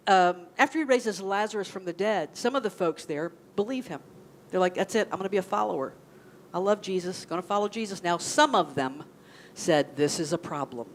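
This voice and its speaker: A woman's voice: mid-range voice, slight background noise. A woman minister gives a sermon in a conversational way, often asking the congregation questions. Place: church sanctuary.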